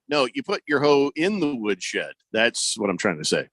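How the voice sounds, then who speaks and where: A man's voice: medium pitch, lively intonation, a little slow, sharp tone, dry recording. A man hosting casual sports radio banter, joking and reading out listener messages on a studio microphone. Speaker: radio host.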